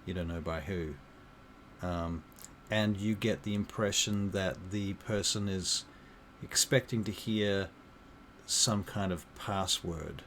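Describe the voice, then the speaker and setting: A man narrating as game master in a halting way, with many fillers and restarts. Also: low voice, fairly bright tone, a little hiss or hum.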